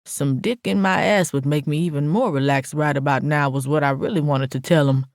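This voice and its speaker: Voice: mid-range voice, steady tone, brisk, no echo, clean studio sound. An audiobook narrator reading a first-person story in a brash, sassy, profane voice.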